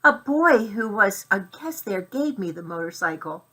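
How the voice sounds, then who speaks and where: A woman reading aloud plays a plucky little boy mouse in a storybook. He pleads and sputters with eager urgency, his tone bright and pitched up. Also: very animated, a little slow, slightly rough, exaggerated voice. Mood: dignified. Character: plucky, indignant young male mouse.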